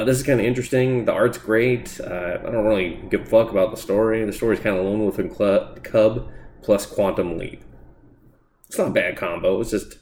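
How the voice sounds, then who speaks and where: A man's voice: low-pitched, a little mellow, slight background noise. A man giving blunt, profane, sarcastic comic book reviews in a casual solo podcast. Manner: blunt, profane, sarcastic rants with mocking asides.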